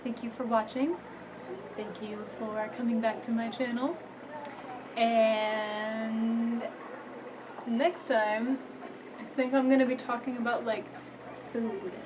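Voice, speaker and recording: A young woman vlogging casually to camera, chatty and quick to laugh, with lots of fillers. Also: a little high, flat delivery, noisy background. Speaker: vlogger studying abroad.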